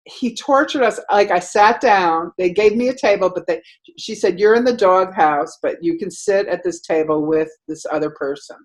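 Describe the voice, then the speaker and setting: A middle-aged woman telling a rambling story in casual chat, acting out quotes loudly with lots of "like". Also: mid-range voice, normal speed, rough recording. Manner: animated, acts out quotes loudly; rambling, many "like" fillers.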